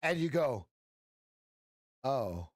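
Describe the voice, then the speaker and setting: A man's voice: mid-range voice, very animated, drawn-out words, no room sound, studio quality. A middle-aged man hosting a casual live trading stream as a coach, rambling and joking with frequent restarts and "right?" tags.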